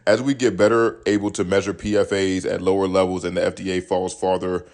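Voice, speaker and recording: A man in his thirties hosts a solo podcast, rambling and swearing freely as he reads news stories aloud and adds his own takes. His low voice is brisk and darkish, with little pitch movement.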